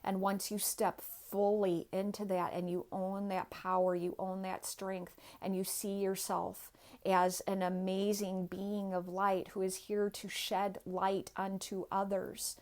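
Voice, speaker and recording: A woman's voice: mid-range voice, monotone, a little slow, darkish tone. A woman giving an earnest, inspirational personal talk as a guest, speaking straight to the viewers.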